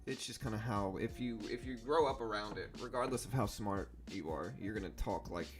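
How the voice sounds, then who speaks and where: Young man, Southern US accent, stream host; easygoing, rambling delivery, lower pitch. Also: a little fast, over music. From South Louisiana. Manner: relaxed, rambling, lots of fillers. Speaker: stock trading livestream host. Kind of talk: casual livestream chat.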